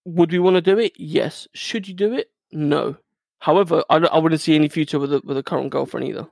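A man co-hosting a podcast in casual chat, teasing and animated. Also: fairly high pitch, fairly quick, vocal fry, dry recording, clean studio sound. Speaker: podcast co-host.

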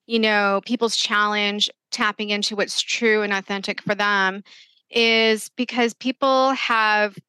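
A woman's voice: medium pitch, steady tone, unhurried, pushed and bright, smooth, dry recording. A woman hosting a casual interview, thoughtful and searching as she talks. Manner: thoughtful, searching, many fillers.

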